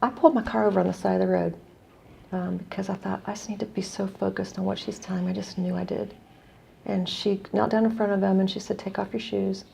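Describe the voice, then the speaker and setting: A middle-aged woman from the United States tells a heartfelt story as a guest, reflective and earnest. Her voice is deeply gravelly with a mellow, dark tone. Faint noise hums underneath. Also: level tone, quick pace. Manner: earnest, reflective storyteller, quoting others in dialogue. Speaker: guest, non-profit executive director. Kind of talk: conversational storytelling.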